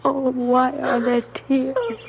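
An actress playing a nervous, sharp-tongued young bride who turns from bitter sarcasm to frightened whispers. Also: female voice, sits high, lively intonation, slow pace, gravelly, crowd noise, full character voice. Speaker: newlywed wife. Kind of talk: dramatic dialogue acting. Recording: muffled vintage recording with faint hiss.

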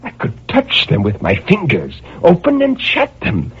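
A man's voice: fairly high pitch, huge pitch swings, a little slow, a bit bright, breathy edge, soft background music, heavily acted. An actor playing a tormented male murderer in an old-time radio drama, swinging between manic laughter and brooding menace. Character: tormented male murderer raving in his cell. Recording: muffled vintage radio recording.

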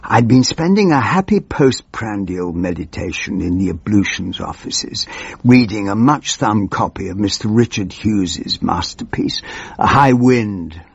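A creaky, husky old parliamentarian, as a man puts him on, pompous and forgetful, rambling slowly through his memories. His low voice swoops widely in pitch. The recording is dull and lo-fi. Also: expressive, dry recording, heavily acted. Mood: musing. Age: older. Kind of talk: comic monologue.

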